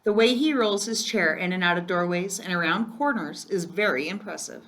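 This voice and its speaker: A woman reading a first-person children's chapter book aloud in a gentle storytelling manner. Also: fairly low pitch, normal speed. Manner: gentle, storytelling, occasional slips. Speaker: reader.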